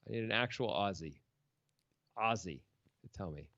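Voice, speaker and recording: A man calling a live poker stream with loose, rambling banter that keeps drifting into jokes. His pitch rises and falls in a lively, animated way. The sound is dry and close, a little dull and lo-fi. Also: moderate pace, no room sound. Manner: joking, rambling banter with frequent laughs. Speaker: poker commentator. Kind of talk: casual live-stream commentary.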